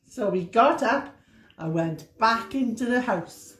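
A woman teacher reading a picture book aloud to children, expressive and playful with sound effects. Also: fairly high pitch, takes it slowly, faint music behind. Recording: roomy echo.

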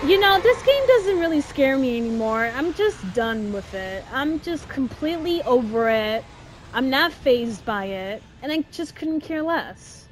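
A woman's voice: high-pitched, measured pace. A woman hosting her gaming channel, chatting casually and exasperated through a let's-play, often exclaiming at the game. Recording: steady noise with game sounds behind.

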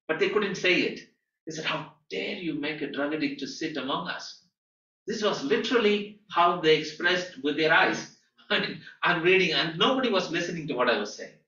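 In a training school classroom, a male guest teacher delivers a lecture built around a personal story. His slightly high voice is animated, rising emphatically and softening at times, captured far from the mic in an echoey room with dull sound.

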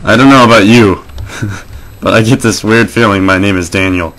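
A man giving gameplay commentary as a let's play host, jumpy and excitable, swearing, laughing and yelping. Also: on the low side, moderate pace.

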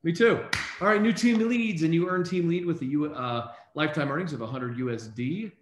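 A man hosting a casual online call, reading out names in an upbeat, brisk way. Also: a little high, roomy sound, a little hiss or hum. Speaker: host.

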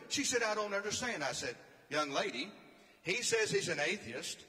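A man preaches with emphatic storytelling energy. His voice sits high and bright, and it carries through a long, reverberant hall. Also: sing-song, moderate pace. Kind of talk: sermon. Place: church or conference hall.

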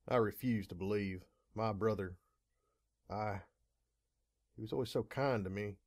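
A man narrating a fan audiobook in a dramatic, measured reading. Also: lowish voice, a little mellow, no echo, clean studio sound. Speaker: audiobook reader. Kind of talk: scripted narration.

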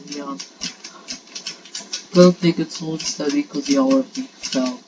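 A woman narrating her own gameplay in an excitable, frantic way, piling up repeated pleas and urgings. Her voice sits low and her pace is unhurried. The recording is dull and lo-fi, with clear noise underneath. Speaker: gaming channel host. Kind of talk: live gameplay commentary.

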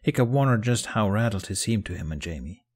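A man narrating a fan fiction audiobook in a calm, even storytelling manner. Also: lowish voice, brisk, breathy edge.

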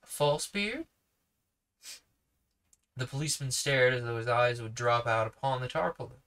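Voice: mid-range voice, steady tone, fast, a bit bright, clear, resonant tone. A sleepy reader narrating a children's novel aloud with casual asides. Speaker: podcast reader.

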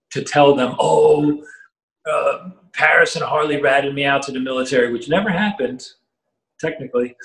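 A middle-aged man telling a long anecdote as an interview guest, animated and full of fillers and restarts, acting out the voices he quotes. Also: mid-range voice. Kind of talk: storytelling anecdote in casual chat. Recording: roomy echo.

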